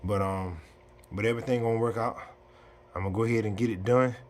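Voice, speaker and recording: Man, lowish voice, casual how-to narration, easygoing, step-by-step, garage, camera mic. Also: steady tone, quick pace, a little mellow, a little hiss or hum. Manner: easygoing, explains step by step to viewers. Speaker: DIY mechanic.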